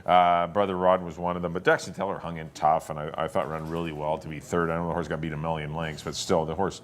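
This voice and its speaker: A man giving his horse racing picks in a relaxed, halting way, with plenty of filler words. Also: extremely low pitch. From Canada. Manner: relaxed, hesitant with many uhs. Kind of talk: casual racing picks chat.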